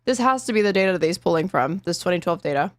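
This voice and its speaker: A woman's voice: fairly low pitch, lively intonation, quick pace, no echo, studio quality. A woman streamer giving sarcastic, indignant live commentary on a podcast clip, swearing freely.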